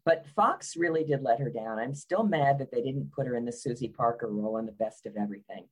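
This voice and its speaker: A woman's voice: rumbling low, brisk, a little mellow, breathy edge, rough recording. A woman author being interviewed, speaking in a wry, opinionated and blunt way. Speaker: biographer guest. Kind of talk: conversational interview.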